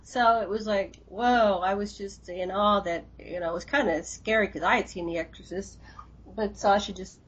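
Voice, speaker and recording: A woman co-hosting a radio interview, telling stories in a lively, chatty way with frequent restarts. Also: medium pitch, normal speed, husky. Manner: animated storytelling with laughs and restarts. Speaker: radio co-host. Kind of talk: casual interview chat. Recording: dull lo-fi radio audio.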